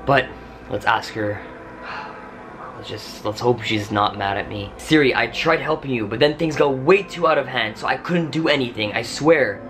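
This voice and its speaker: A man's voice: mid-range voice, moderate pace, background noise. A young man vlogging to his viewers, panicky and exclaiming often. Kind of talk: casual scared vlog. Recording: music playing underneath.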